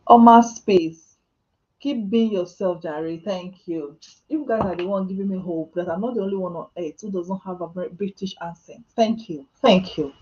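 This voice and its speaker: A woman's voice: lowish voice, steady tone, moderate pace, warm tone, lo-fi sound. A woman from Nigeria with a Nigerian accent, chatting casually on a live stream as she answers viewers' questions, joking about herself and laughing often. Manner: chatty and self-mocking, laughing often, with Nigerian Pidgin asides. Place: home.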